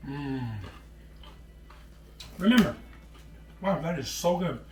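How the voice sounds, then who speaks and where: A man's voice: a little high, expressive, takes it slowly, reverberant, distant mic, a little hiss or hum. A middle-aged man hosting a home cooking show, chatting casually as he preps vegetables and calls people "brother.". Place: home kitchen.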